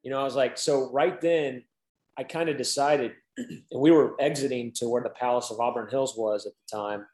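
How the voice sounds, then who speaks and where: A man's voice: medium pitch, steady tone, normal speed, darkish tone, echoey room, poor audio. A man in his thirties, a guest in an interview, telling a long story casually with lots of "like" and acted-out quotes. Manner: chatty, peppered with "like", acts out quoted dialogue.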